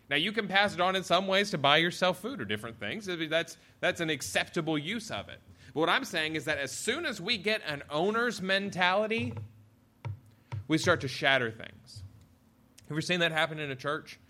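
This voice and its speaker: A man delivering a sermon with a bright, forceful voice. He preaches in a lively, animated way. He acts out sarcastic quotes and reads scripture aloud. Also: fairly high pitch, moderate pace, long pauses. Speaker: pastor.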